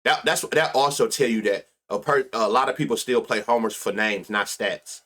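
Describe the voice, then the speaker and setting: A man's voice: fairly low pitch, normal speed, pushed and bright. A man hosting a live sports betting stream, reading stats and riffing loosely with plenty of profanity. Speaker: sports betting show host.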